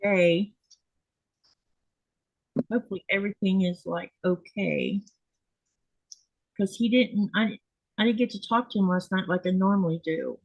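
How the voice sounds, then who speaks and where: A woman's voice: mid-range voice, unhurried, gravelly, pauses often, a little mellow, dry recording, muffled recording. A woman hosting a casual chat from her home sewing desk, talking in a rambling way with restarts and laughs. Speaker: host.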